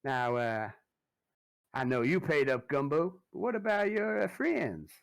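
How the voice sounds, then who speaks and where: A man's voice: on the high side, lively intonation, a little slow, gravelly, pitched above the performer's own voice. Man doing a sneering river gang thug. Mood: taunting. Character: menacing male river gang extortionist.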